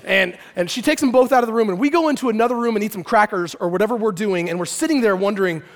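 A man from Arizona, a pastor, preaching a sermon through an animated, playful comic story that swings between loud and quiet. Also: high voice, very fast. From Arizona, USA. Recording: long reverb of a large hall.

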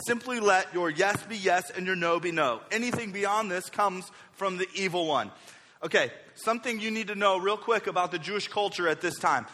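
High, bright-voiced young preacher in a hall. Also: male voice, moderate pace. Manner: energetic, acts out quoted speakers with varying voices. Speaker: pastor. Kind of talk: sermon. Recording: reverberant hall.

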